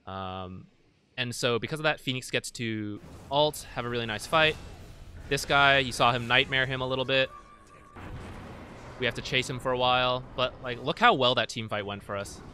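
A man's voice: mid-range voice, pushed and bright, slight background noise. A man talking casually through recorded matches as a guide creator, explaining team fights with frequent fillers. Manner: conversational, many fillers. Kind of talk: casual gameplay analysis.

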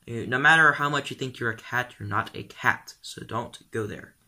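A teenage boy chatting casually on his vlog, rambling along with lots of ums and likes. His voice sits at a middle pitch and sounds very bright. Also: normal speed. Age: teens. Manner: rambling, full of "um" and "like". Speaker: vlogger.

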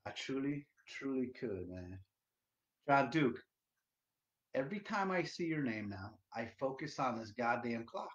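A man hosting a casual solo livestream, loud and profane, rambling to his viewers. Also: medium pitch, big pitch swings, measured pace. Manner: loud, profane, rambling, sings along to music. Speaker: livestream host. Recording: dull lo-fi stream audio.

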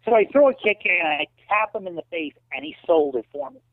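He's expressive and fairly quick, his voice carrying no echo on a dry, phone-like tinny line. Interviewed about his days as a kickboxer and wrestling promoter, he tells lively stories and acts out whoever he quotes with sharp pitch jumps.

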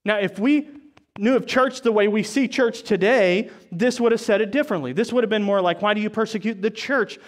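High-voiced man preaching a sermon. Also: a little fast. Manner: conversational preaching with asides. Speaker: pastor. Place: church service.

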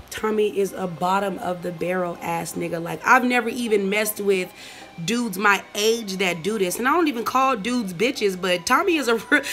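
A woman's voice: medium pitch, normal speed, fairly bright tone, faint music behind. Profane, scornful woman ranting. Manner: profane, scornful, reads out messages. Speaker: vlogger. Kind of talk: angry ranting vlog.

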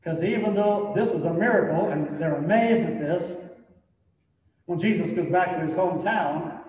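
A man with a high voice and darkish tone preaches at a moderate pace from a church sanctuary. His sermon is conversational, peppered with "you know," and climbs to emphatic points. The sound is dull and far away, echoing through the church hall.

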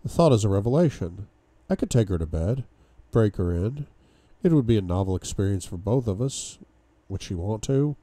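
A man reads a novel aloud in a deep, very dark and mellow voice, lending the first-person lines dramatic bursts of force. The recording is dry and close, with no room sound. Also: lively intonation, normal speed, hardly any pauses, no room sound. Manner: dramatic first-person reading with sudden outbursts. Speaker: book club reader.

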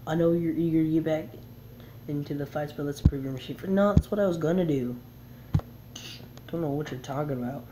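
With a medium-pitched voice, the player talks briskly yet leaves long pauses, against a noisy background. It's relaxed gameplay commentary where he reads the game's text out loud and laughs along with it.

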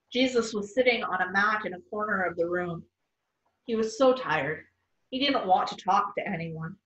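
A woman in a gentle, friendly manner reading a Bible story aloud for children. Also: mid-range voice, normal speed. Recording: distant, roomy, dull sound.

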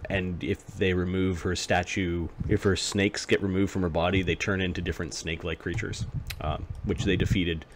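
A man narrating as game master for a tabletop game, halting with many restarts. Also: low-pitched, flat delivery, background noise.

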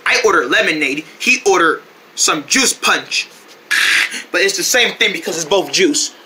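A man's voice: high voice, lively intonation, moderate pace, bright, forceful tone, slight background noise. A man telling a rambling first-person story skit in a playful, run-on way, adding his own sound effects. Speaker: storyteller voicing a character.

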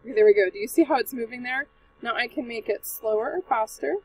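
A woman's voice: fairly high pitch, fast talker, slightly rough, recorded from a distance, poor audio. A woman teacher walking young students through a drawing app step by step, in a patient and encouraging way. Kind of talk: screen-recorded tutorial for children.

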